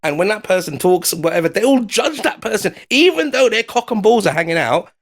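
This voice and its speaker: A man's voice: high voice, sing-song, brisk. A British man, a foreign correspondent, chatting casually and agreeing emphatically. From United Kingdom. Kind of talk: casual chat.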